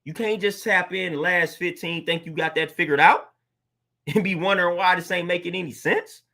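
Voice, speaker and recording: High, bright-voiced man preaching casually. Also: steady tone, normal speed, gravelly. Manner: earnest and preachy, repeats "man" and "fam". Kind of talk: casual motivational monologue.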